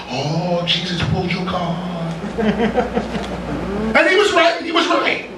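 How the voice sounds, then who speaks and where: A man preaching a lively sermon to his congregation, joking and drawing laughter, heard from a distance in a church. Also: sits high, measured pace, slight background noise. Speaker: pastor. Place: church sanctuary. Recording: echoey church room from a distance.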